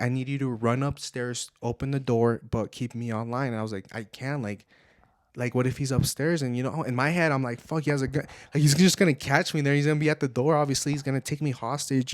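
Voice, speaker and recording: A man's voice: mid-range voice, dry recording. Young male podcast co-host, casual storyteller, slips in Spanish, dry close recording. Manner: animated, heavy use of "like", drops Spanish phrases. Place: home podcast setup.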